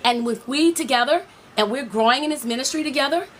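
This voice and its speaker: A woman's voice: high-pitched, fast talker, fairly bright tone, slight background noise. A woman life coach giving a preachy, motivational talk to women, speaking straight to her viewers and repeating her points.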